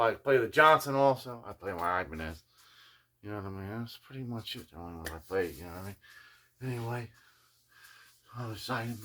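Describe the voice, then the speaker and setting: His pitch is fairly low with a bit of brightness. As host of a guitar restoration video journal, this older man spins a lengthy, relaxed tale, saying "you know what I mean" over and over and slipping into playful impressions when quoting people.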